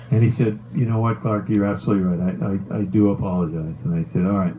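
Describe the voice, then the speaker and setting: A middle-aged man, a former hockey player, tells a long story in a casual, animated way, swearing and laughing as he goes. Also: fairly low pitch, fast talker, hardly any pauses, a little hiss or hum, rough recording. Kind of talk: casual storytelling on a talk show.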